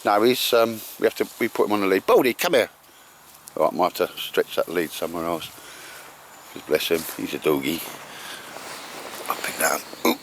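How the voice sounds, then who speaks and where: A man with a lowish voice talks casually while out in the woods, encouraging those around him and calling them mate and sir. The outdoor recording carries a clear layer of background noise. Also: steady tone, normal speed. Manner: chatty, encouraging, calls everyone mate and sir. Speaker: bushcraft vlogger and host.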